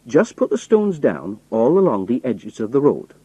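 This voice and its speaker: A man's voice: medium pitch, big pitch swings, normal speed, mellow, husky, no echo, muffled recording. A man reading as a friendly middle-aged roadman, cheerful and easygoing.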